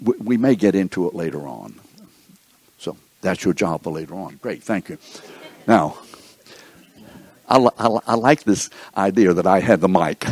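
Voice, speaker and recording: Low, husky-voiced man teaching a class. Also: a little mellow. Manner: keeps checking in with the class; thinks aloud, with restarts and asides. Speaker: Bible study teacher.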